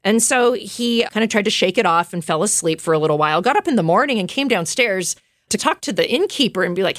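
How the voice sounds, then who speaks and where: A woman recounts a story in relaxed podcast talk, sprinkling in fillers, asides and quick laughs. Her voice sits at an ordinary middle pitch. The recording is dry and close, with no room sound. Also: no room sound. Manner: chatty, lots of fillers and asides; laughs often while telling. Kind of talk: casual storytelling.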